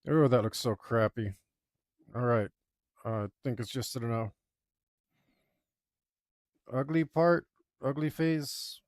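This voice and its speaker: A man's voice: medium pitch, slow, long pauses, dry recording, studio quality. A man, a digital artist, chatting casually while he draws, rambling with lots of fillers and repeats. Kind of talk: casual chat while drawing.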